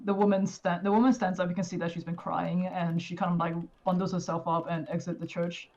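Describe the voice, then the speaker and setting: A woman's voice: on the low side, flat delivery, fairly quick, a crowd in the background. A woman narrating as game master in a casual way, full of fillers. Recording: dull lo-fi audio.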